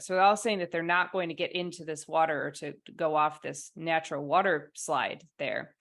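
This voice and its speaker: A woman co-hosting a podcast, telling a story with lively acted-out quotes in casual chat. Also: deep voice, moderate pace, few pauses. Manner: animated storytelling, acts out quotes. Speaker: podcast co-host.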